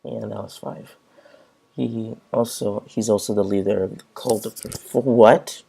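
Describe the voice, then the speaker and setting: A man's voice: lowish voice, steady tone, a little slow, vocal fry, warm tone, husky. A man commentating on his gameplay and reading game dialogue aloud in a loose, offhand way.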